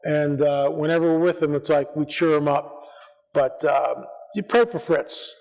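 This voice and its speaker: A man speaking at a church conference, telling stories in a rambling, animated way and acting out the voices of people he quotes. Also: on the high side, unhurried, creaky. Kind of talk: casual storytelling talk at a church conference. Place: church hall. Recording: long hall reverb.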